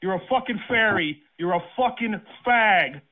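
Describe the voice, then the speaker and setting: A man's voice: sits high, lively intonation, normal speed. A man on an angry phone call, furious, threatening and swearing. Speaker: prank call target. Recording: phone line.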